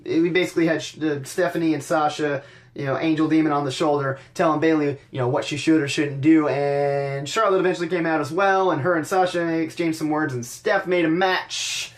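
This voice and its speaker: A man's voice: on the high side, fairly even intonation, a little fast. A man hosting a podcast, recapping wrestling in a casual, wry, sarcastic way with frequent stammered restarts. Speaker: podcast host.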